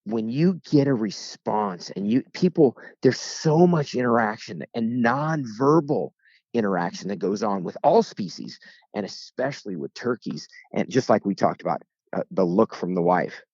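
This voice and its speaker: Animated man telling hunting stories. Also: fairly low pitch, moderate pace, dry recording, lo-fi sound. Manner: lively, joking, acts out voices in anecdotes. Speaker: guest, turkey hunter. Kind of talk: storytelling in casual interview.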